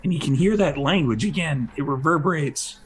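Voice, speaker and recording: A man narrating a tabletop game as game master, in loose, halting description with many fillers. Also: a little high, a little hiss or hum, rough recording.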